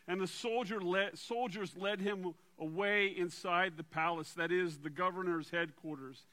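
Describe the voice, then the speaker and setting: A man preaching a sermon and reading scripture aloud in a dramatic way, dropping to a quiet low voice for emphasis. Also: fairly even intonation, measured pace. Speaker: pastor.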